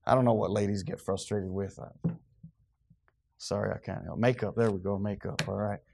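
A man preaching a sermon to his congregation, swinging from quiet, low remarks to loud, high outbursts. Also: steady tone, moderate pace, vocal fry, slight background noise. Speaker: pastor.

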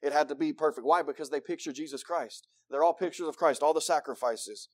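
In this sermon, a man with a fairly high voice talks a little fast, swinging from shouted excitement to near-whispered intensity. While reading and explaining scripture, he acts out the voices of God and believers to make his point.

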